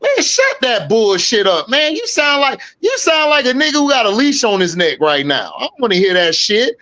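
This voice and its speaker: A man co-hosting a casual sports talk show, ranting in an animated, profane way. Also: extremely high pitch, moderate pace. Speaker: sports podcast co-host.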